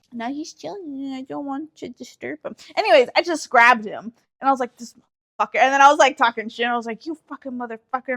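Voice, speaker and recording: High-voiced young woman telling a story. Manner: animated storyteller, heavy swearing, acts out quotes. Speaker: podcast co-host. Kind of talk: casual podcast chat.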